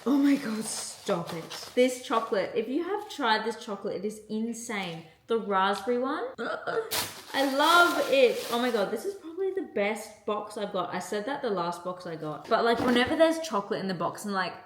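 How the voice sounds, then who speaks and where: A woman's voice: mid-range voice, lively intonation, brisk, hardly any pauses. A young woman in her twenties chatting casually for her vlog, gushing and filling her talk with "like". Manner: chatty, gushing, lots of "like" and gasps. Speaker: vlogger. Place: in a car. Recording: echoey room with clear background noise.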